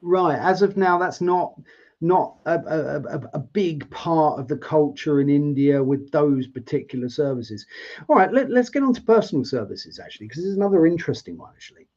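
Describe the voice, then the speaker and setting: A man hosts a live interview, chatting through long, wandering questions. His voice sits a bit high for a man. The sound is dull and lo-fi, as over a video call. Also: expressive, normal speed, a little mellow. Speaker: host.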